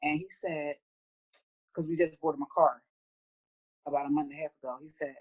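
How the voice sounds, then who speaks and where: Middle-aged woman guest, low voice, heartfelt, jumps up in pitch when she quotes herself or her family. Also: fairly even intonation, a little fast, pauses often, low-quality recording. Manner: heartfelt, acts out her own conversations in a higher voice. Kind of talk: casual interview talk.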